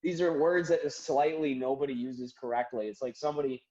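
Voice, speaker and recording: A man, a comedian and author, chatting as a podcast guest, rambling and animated as he tells stories and acts out quotes. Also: mid-range voice, brisk. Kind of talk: casual podcast conversation. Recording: dull roomy remote audio.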